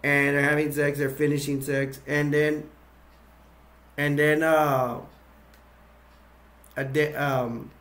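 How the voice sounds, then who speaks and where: A man's voice: a little high, little pitch movement, slow pace, pauses often, a bit bright. A man casually recapping a film's scenes, rambling and repeating himself as he acts bits out. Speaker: movie reviewer.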